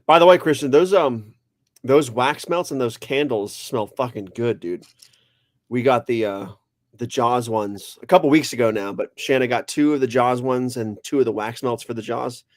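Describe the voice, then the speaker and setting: A man's voice: medium pitch, normal speed, dry recording, studio quality. A man co-hosting a casual live stream, laid-back and swearing casually. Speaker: podcast co-host.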